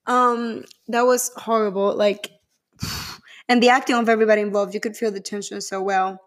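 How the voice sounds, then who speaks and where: Woman vlogger, mid-pitched, chatty and profane, gushing film review. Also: fairly even intonation, moderate pace. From Spain. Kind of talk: casual chat.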